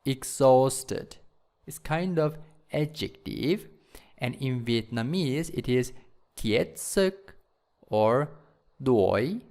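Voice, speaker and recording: A man teaching English vocabulary to schoolchildren, repeating each word slowly so learners can follow. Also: medium pitch, lively intonation, darkish tone.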